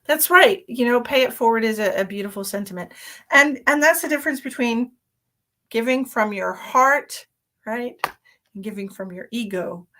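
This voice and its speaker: A woman's voice: fairly high pitch, moderate pace, sharp tone, poor audio. Chatty woman psychic hosting a live stream. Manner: chatty, laughs often, talks to her pets. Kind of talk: casual live-stream chat with viewers.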